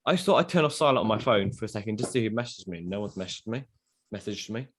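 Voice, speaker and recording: A man's voice: lowish voice, very fast, slightly rough. Young guy hosting a podcast, joking around, voice bouncing up and down a lot. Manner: joking, teasing, animated. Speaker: podcast host. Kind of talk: casual chat.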